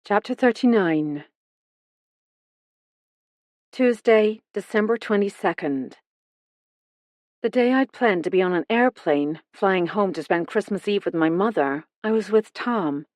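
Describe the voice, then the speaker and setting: A woman narrating a first-person cozy mystery audiobook in an even, measured reading. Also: fairly low pitch, no echo, clean studio sound.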